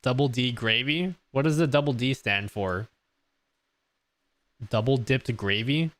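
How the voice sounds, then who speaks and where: A man's voice: mid-range voice, unhurried, a bit bright. A man live-streaming a casual question-and-answer session, joking, laughing and reading his chat aloud from a close desk mic. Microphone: close desk mic on an audio mixer.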